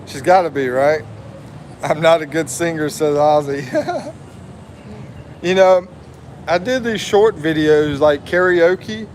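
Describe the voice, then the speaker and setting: Slow, chatty American man in his fifties. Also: on the high side, a little mellow, a little hiss or hum. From USA. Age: 50s. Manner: slow, chatty, reads viewer comments aloud and laughs often. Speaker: livestream host. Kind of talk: casual livestream chat.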